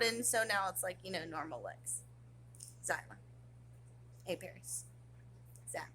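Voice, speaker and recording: A woman's voice: lowish voice, big pitch swings, measured pace, long pauses, bright, forceful tone, slightly rough. A woman vlogging in a rambling, slangy, casual chat to camera.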